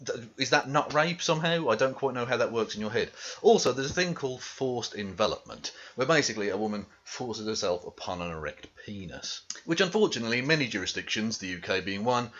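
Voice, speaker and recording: A man's voice: medium pitch, expressive, a little fast, hardly any pauses, a bit bright, lo-fi sound. A man delivering a profane, scornful commentary rant as a video host. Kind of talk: ranting commentary monologue.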